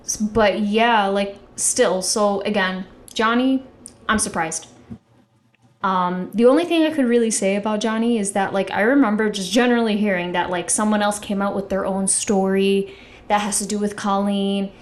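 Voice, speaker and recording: A woman's voice: medium pitch, normal speed. A young woman giving casual, rambling commentary with strong opinions, often filling with "like". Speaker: commentary YouTuber.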